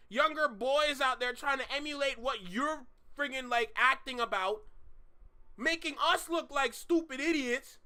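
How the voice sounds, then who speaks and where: High-voiced ranting man. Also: measured pace, sharp tone, smooth. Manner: heated, ranting, swears. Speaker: reaction video host. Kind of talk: casual reaction commentary.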